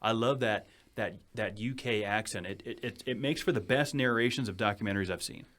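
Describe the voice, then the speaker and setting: Podcast host, man, New England accent, low-pitched, rapid-fire chat at a studio mic. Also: a bit bright. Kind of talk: casual chat. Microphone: studio microphone.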